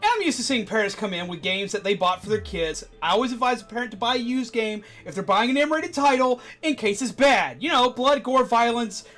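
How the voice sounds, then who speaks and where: A streamer and former game store manager telling stories in casual chat, animated, with loud indignant outbursts. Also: mid-range voice, a little fast, hardly any pauses, soft background music.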